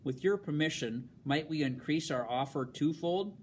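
A man's voice: on the high side, animated, normal speed, slight background noise, close to an everyday voice. A man reading aloud and voicing a stern, haughty colonial mistress who gives clipped, cold orders. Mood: cold, commanding.

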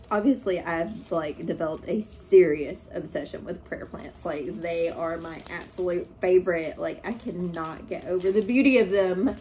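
A woman's voice: on the low side, unhurried, mellow. A woman talking casually to her viewers in an unboxing vlog at home, gushing and exclamatory as she goes. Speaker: plant vlogger. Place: living room at home. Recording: noisy, crinkling packaging behind.

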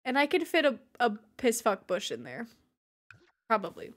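Woman, game streamer, high voice, giggly, crude humor, casual chat with viewers. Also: huge pitch swings, normal speed, fairly bright tone. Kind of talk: casual livestream chat while playing.

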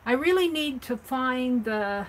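A woman's voice: high-pitched, animated, unhurried, slight background noise, low-quality recording. A woman hosting a craft livestream, chatting casually and thinking aloud as she works on an art journal.

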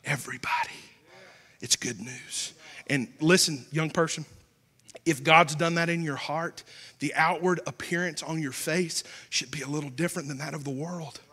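Man, Southern preacher, shouting to hushed, sharp tone, long hall echo. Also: a little high, steady tone, moderate pace, breathy edge. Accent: Southern American. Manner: impassioned, swings from loud shouting to hushed near-whisper. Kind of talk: sermon. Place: church. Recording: long church hall reverb.

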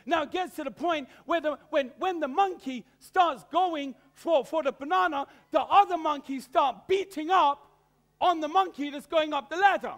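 A man's voice: very high-pitched, normal speed, a bit bright. A man preaching a sermon, telling a story animatedly with stammered repeats of words.

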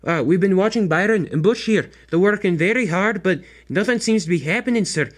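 A man's voice: sits high, brisk, voice pushed up. A man voicing a worn-out old male crane engine that speaks hesitantly and politely. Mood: weary. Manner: hesitant, pleading.

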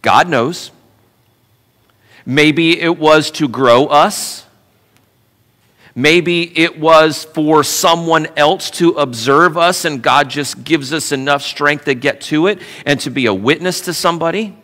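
Man, pastor, sermon, bright forceful tone, slightly high voice, animated, playful asides, church hall reverb. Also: slow pace. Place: church sanctuary.

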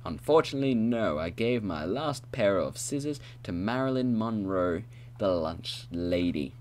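A long-winded scissors expert from a video game, as a man puts him on, grand and pleased with himself. The voice sits fairly low and swoops lively up and down. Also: unhurried, a little hiss or hum. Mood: pompous. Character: pompous chatty male scissors expert in a game.

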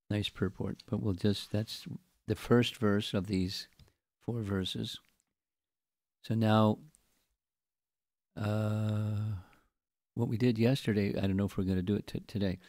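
An older man giving a scripture class, reading a long commentary slowly and deliberately and explaining it to his listeners. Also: fairly low pitch, fairly even intonation, darkish tone, no echo. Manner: slow, deliberate reading with chanted verse recitation.

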